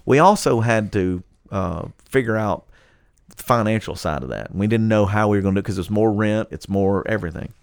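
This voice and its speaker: A man, a pastor telling stories in casual talk, animated and quick to laugh as he acts out what people said. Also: on the low side, clean tone, dry recording, clean studio sound. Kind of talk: casual podcast storytelling.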